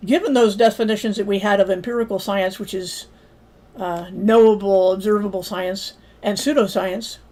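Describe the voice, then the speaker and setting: A woman teaching a livestreamed Bible study in an argumentative lecturing manner, pausing to ask viewers for comments. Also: medium pitch, fairly even intonation, dark tone.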